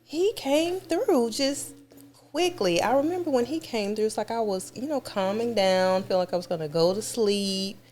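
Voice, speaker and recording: A woman's voice: fairly high pitch, expressive, normal speed, darkish tone, faint music behind. A woman recounting an experience in casual conversation, effusive and repeating words for emphasis. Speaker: guest describing her experience.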